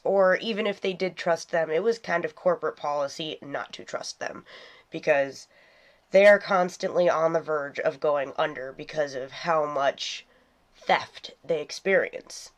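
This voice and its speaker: A woman host telling a casual storytime, sick with a cold, her voice nasal and congested, chatty and rambling. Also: low voice. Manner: chatty, rambling, self-deprecating.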